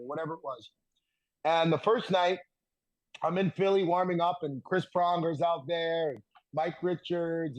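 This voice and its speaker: A man in his thirties, a podcast guest telling stories in a casual, animated way and laughing through the punchlines. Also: on the high side, poor audio. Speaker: podcast guest, former hockey defenseman. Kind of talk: casual storytelling.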